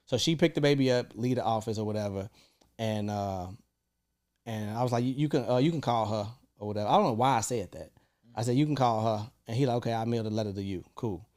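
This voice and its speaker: Young guy, podcast co-host; loose, profane storyteller who jumps up high when quoting people. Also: fast talker. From Chicago. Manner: animated, swearing, acts out quoted lines with big jumps in pitch. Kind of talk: casual storytelling chat.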